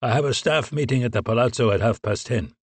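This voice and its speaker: A man voicing an urbane, middle-aged male police general with a measured, suave way of speaking. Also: medium pitch, breathy edge, no echo.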